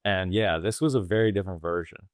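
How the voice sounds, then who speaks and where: This is a man co-hosting a casual movie podcast, speaking in a lowish voice. His delivery is easygoing and measured as he thinks through his points. The recording is close and dry, with no room sound. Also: dry recording. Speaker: podcast co-host. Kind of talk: casual film discussion.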